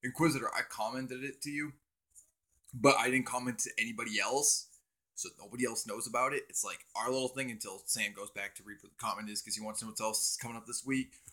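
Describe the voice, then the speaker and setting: A man's voice: mid-range voice, steady tone, fast talker, bright, forceful tone. A young man hosting a casual livestream on his cell phone, rambling and swearing as he talks to viewers in chat. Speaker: livestream host.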